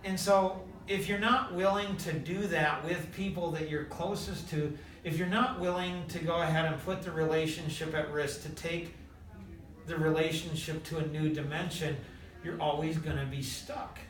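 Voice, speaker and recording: High-voiced man telling a story. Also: normal speed, recorded from a distance. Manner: animated, quotes others in short bursts, filler "like". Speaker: host. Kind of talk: casual storytelling chat. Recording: echoey room, voice from afar.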